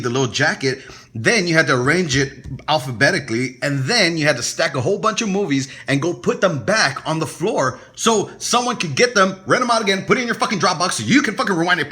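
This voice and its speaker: Bright-voiced man telling profane stories. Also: on the high side, slightly rough. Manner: profane, laughing, animated storyteller. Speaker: podcast co-host. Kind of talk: casual storytelling chat.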